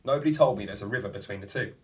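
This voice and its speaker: A man on a football podcast, swearing freely and telling a lively story in casual chat. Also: fairly low pitch, very fast, far from the mic, crowd noise. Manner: swears a lot, animated anecdotes. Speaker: podcast co-host.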